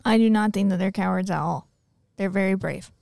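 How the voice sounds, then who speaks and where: A woman's voice: medium pitch, brisk, creaky, a little mellow, no room sound, clean studio sound. A young woman chatting on a podcast with short, cheerful remarks and frequent laughter. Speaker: podcast co-host. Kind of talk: casual chat.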